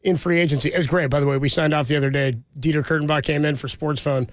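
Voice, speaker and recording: A man hosting a sports talk radio show, chatting quickly and taking calls. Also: fairly high pitch, fairly even intonation, no room sound. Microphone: studio microphone.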